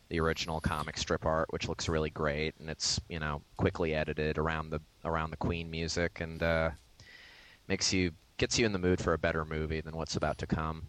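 A man with a very low voice talking casually about movies. He chats loosely, laughs often and leans on fillers as he goes. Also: a bit bright, clear, resonant tone, poor audio. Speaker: podcast co-host. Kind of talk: casual film discussion.

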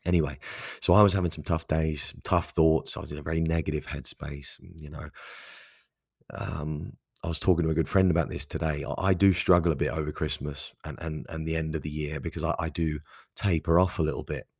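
Talking a little fast with fairly even intonation, this man hosts a casual solo podcast in a husky, gravelly low voice with a darkish tone. He's candid and conversational, often restarting and going off on asides. The recording is clean studio sound without room sound.

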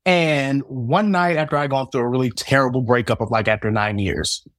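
A man's voice: medium pitch, normal speed, a bit bright, dry recording, clean studio sound. A man in his thirties from Southern Indiana, a guest telling his story as a psychic reader, acting out the dialogue with self-mocking humor. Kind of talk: storytelling in casual interview.

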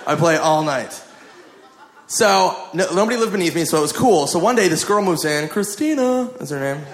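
A man's voice: on the high side, animated, normal speed. Rambling, profane male stand-up comedian. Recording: roomy live club recording with crowd laughter and noise.

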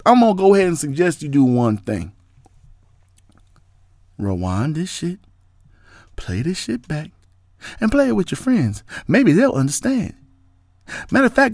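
Profane rambling young man, lively pitch. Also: no room sound, clean studio sound. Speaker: podcast host. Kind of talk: casual rant monologue.

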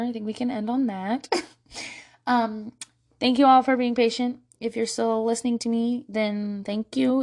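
Young woman, casual storytelling, profane, self-mocking, laughs a lot, slightly high voice. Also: vocal fry. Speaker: podcast host.

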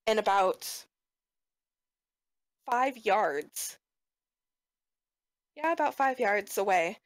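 A woman running a tabletop game as game master, setting scenes in a measured, descriptive way. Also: mid-range voice, expressive, dry recording, low-quality recording.

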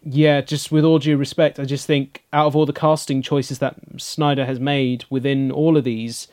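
A man's voice: mid-range voice, flat delivery, moderate pace, darkish tone, no echo, clean studio sound. A man co-hosting a casual film review chat, giving blunt, emphatic opinions. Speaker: podcast co-host.

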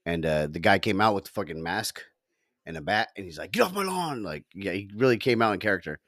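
Low-voiced man telling stories casually. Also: quick pace, fairly bright tone, no echo, clean studio sound. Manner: laughs often while telling stories, swears casually. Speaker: podcast co-host. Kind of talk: casual chat.

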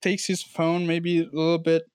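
A man brainstorming a comedy pitch in casual talk, excitable, laughing often and tripping over repeated words. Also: normal speed, smooth, no room sound, clean studio sound. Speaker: improv brainstorming participant.

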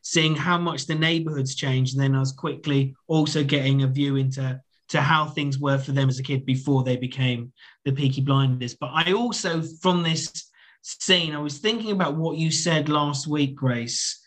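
A man's voice: medium pitch, moderate pace, a bit bright. A man co-hosting a casual podcast, building analytical explanations of characters and themes. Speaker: podcast co-host. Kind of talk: casual TV discussion.

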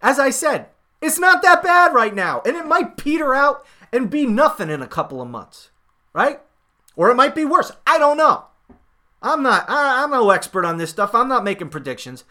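A man hosting a political podcast, talking in a sarcastic, emphatic monologue with swings in loudness. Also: sits high. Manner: sarcastic, mocking paraphrases of others; emphatic, rising and falling loudness. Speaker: podcast host.

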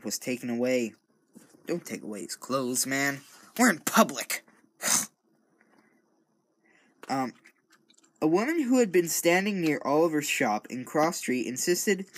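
A man casually reading a true-crime account aloud, often stumbling over words, correcting himself and breaking off into joking asides. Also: a little high. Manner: stumbling, self-correcting, rambling. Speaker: true-crime reader and commentator. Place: home recording studio.

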